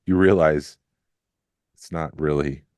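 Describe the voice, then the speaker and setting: Deep-voiced man with blunt opinions. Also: steady tone, slow pace, a little mellow, no echo, clean studio sound. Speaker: podcast co-host. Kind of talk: casual review chat.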